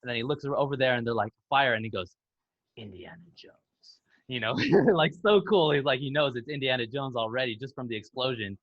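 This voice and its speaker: Man, mid pitch, eager scene recaps, dull dry lo-fi sound. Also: quick pace, hardly any pauses, no room sound. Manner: excited retelling of scenes, acting out lines. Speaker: podcast co-host. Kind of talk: casual film discussion.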